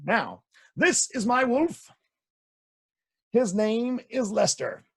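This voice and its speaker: A male children's storyteller with a fairly high voice that swoops up and down in lively sing-song. He repeats phrases for effect and speaks straight to the kids. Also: slow, creaky, pauses often, slightly rough.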